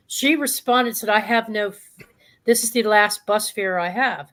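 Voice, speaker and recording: A woman hosting a live talk show, telling a calm, reflective story from her own past. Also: medium pitch, measured pace. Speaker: host.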